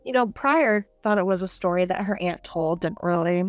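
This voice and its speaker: A young woman with a smooth, clear voice talks through a book's plot in an easy, chatty way, with fillers and small laughs. The sound is dry and close, and soft music sits faintly behind her. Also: lowish voice, normal speed, no room sound. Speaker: podcast co-host. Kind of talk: casual book review chat.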